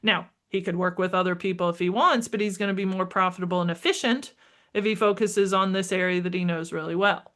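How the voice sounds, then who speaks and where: A middle-aged woman, a marketing strategist, talking as a podcast guest, energetic and emphatic, acting out bits of dialogue. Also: on the low side, a little fast. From United States. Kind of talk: conversational interview.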